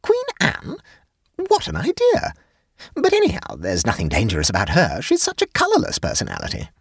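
A man reading a story aloud, voicing an excitable, gossipy young society lady with high-strung, breathless exclamations. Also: quick pace, slightly rough, no room sound, studio quality, heavily acted. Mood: excited. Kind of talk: audiobook character voice.

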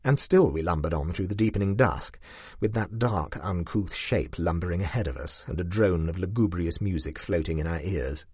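A man reading a short story aloud in a dry, wry, expressive manner. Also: deep voice, normal speed, slightly rough, dry recording.

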